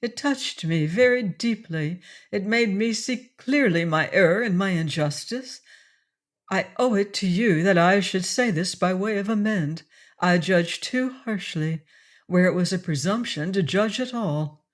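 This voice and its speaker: A woman's voice: mid-range voice, unhurried, lightly acted. A woman reading an audiobook, voicing an earnest, lovesick pirate captain who pleads.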